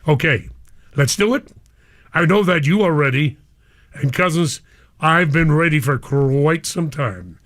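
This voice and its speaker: A man's voice: a little high, animated, unhurried, pauses often, fairly bright tone, no echo, studio quality. An older man, a radio DJ, speaking live and emotionally to his listeners, whom he calls cousins.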